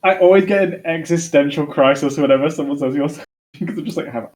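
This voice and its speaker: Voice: medium pitch, quick pace, darkish tone. A tabletop game player chatting casually and joking, sometimes trailing off mid-thought. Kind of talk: casual chat among players.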